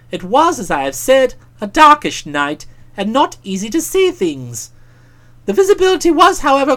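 An audiobook narrator reading a comic novel in a wry, expressive way. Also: sits high.

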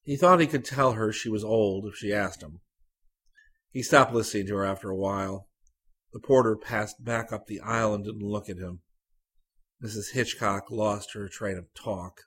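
A man narrates a literary short story in a low voice with a husky, breathy texture. His delivery is measured and even, with a slight drop for the dialogue tags.

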